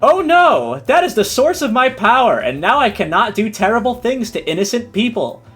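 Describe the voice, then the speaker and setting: A man's voice: on the high side, sing-song, fairly quick, fairly bright tone, faint music behind. A man voicing a pompous, villainous male duck brother who speaks in stiff, formal lines. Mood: dismayed.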